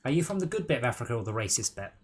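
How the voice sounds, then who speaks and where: A man's voice: medium pitch, very animated, rapid-fire, noisy background. A man in blunt, teasing banter while playing a game on stream, often stumbling over his words. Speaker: gaming stream regular.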